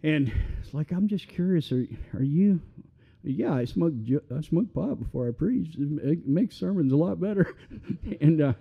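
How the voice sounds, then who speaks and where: A man preaching a sermon as pastor, conversational and animated, with self-deprecating humor. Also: a little high, normal speed, vocal fry, breathy edge, muffled recording.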